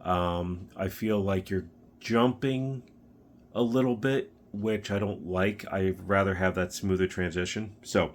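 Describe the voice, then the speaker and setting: A man casually showing off a guitar pedal he built, talking in a relaxed, rambling way with fillers and restarts. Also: sits low, unhurried. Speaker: pedal builder demoing his pedal. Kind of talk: casual demo talk.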